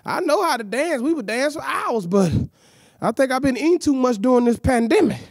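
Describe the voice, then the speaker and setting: A woman's voice: high-pitched, expressive, a little fast, a little mellow, dry recording, studio quality. A woman hosting a church youth hour, out of breath, with exuberant call-and-response and playful teasing. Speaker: youth service host. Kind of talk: lively church show hosting.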